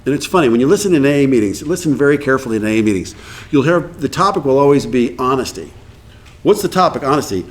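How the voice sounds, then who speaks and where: A middle-aged man with a Texan accent, speaking at a recovery meeting and acting out quoted voices in an animated way. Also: medium pitch, rapid-fire. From Texas.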